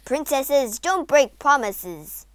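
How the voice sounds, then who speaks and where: A woman's voice: very high voice, wildly swooping pitch, a little slow, dry recording, voice pushed up, full character voice. A woman voicing a stern, blustering king who speaks as a strict, commanding father.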